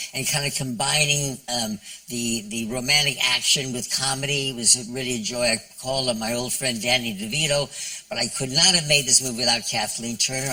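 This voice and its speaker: An older man, a guest on a television chat show, telling a story in a halting way with many restarts. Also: mid-range voice, gravelly, pushed and bright, far from the mic, low-quality recording. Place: television studio with audience.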